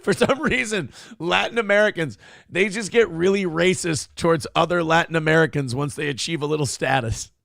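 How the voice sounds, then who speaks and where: A man's voice: a little high, fairly quick, gravelly, a bit bright, no echo, studio quality. A male show host giving crude, mocking casual commentary on video clips and laughing often.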